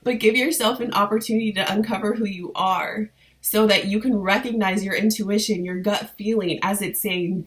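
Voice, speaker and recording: A woman in her thirties speaks straight to her viewers as a coach, earnest and heartfelt. Her voice sits at an ordinary middle pitch. She keeps urging them on in a warm, encouraging way. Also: steady tone, moderate pace. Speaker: spiritual business coach. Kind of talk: motivational vlog talk to viewers.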